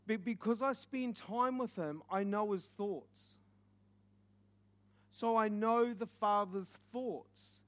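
High-voiced man preaching earnestly. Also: slow pace. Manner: earnest, intense storytelling that swells to loud urgency. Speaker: evangelist. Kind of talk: preaching testimony.

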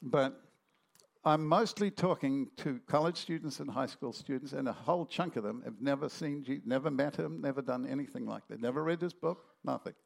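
A man's voice: medium pitch, normal speed, gravelly. A man preaching a sermon, telling stories animatedly and acting out the voices in them.

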